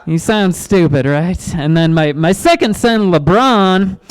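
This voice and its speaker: A man in his thirties doing a stand-up comedy set in a club, awkward and self-deprecating, halting with ums and restarts. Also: high voice, clean tone, low-quality recording. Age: 30s.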